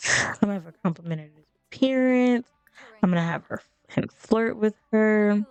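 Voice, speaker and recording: A woman's voice: mid-range voice, lively intonation, normal speed, clean tone, no echo, soft background music. A woman casually commenting on her life-sim game as she plays, rambling and laughing between remarks. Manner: chatty, rambling, laughing asides. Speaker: let's play streamer.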